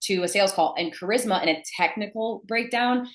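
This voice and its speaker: A woman's voice: mid-range voice, fairly quick. A young adult woman teaching sales to camera in an emphatic, blunt manner. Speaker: sales coach. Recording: echoey room.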